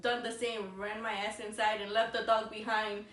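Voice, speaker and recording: Speaking at a normal speed with a flat delivery, this co-host of a vlog has a medium-pitched, fairly bright voice. She's a young woman casually recounting a story during a meal, meandering along with lots of "like" and language switches mid-sentence. A faraway mic in an echoey room picks her up with slight background noise.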